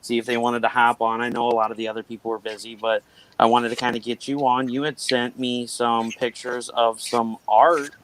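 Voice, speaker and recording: A man's voice: medium pitch, little pitch movement, a little fast, fairly bright tone, poor audio. A man hosting a casual live stream, teasing his guests and rambling in a self-deprecating way. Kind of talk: casual chat.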